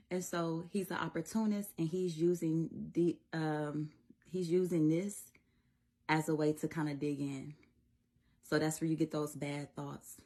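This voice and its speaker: A woman with a low, gravelly, slightly husky voice speaks casually about faith like a reassuring mother. Her tone is mellow and earnest, and she laughs easily between thoughts. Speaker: faith content creator. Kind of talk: casual devotional encouragement.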